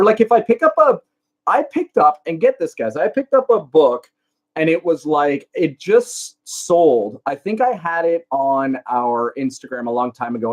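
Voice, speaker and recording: Chatty Canadian man, slightly high voice. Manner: rambling anecdotes with many fillers. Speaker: reseller vlogger answering live chat. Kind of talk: casual live-stream chat.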